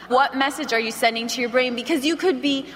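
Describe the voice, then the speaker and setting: A woman giving an energetic, animated sales training talk to an audience in a large hall, acting out phone calls as she goes. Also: sits high, brisk. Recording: reverberant hall, faint background noise.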